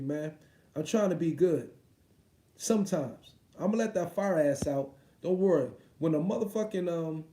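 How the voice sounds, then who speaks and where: A man's voice: on the high side, warm tone. Profane rambling guy. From United States. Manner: profane, rambling, lots of repeats. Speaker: boxing livestream host. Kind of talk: casual livestream rant. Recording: roomy echo.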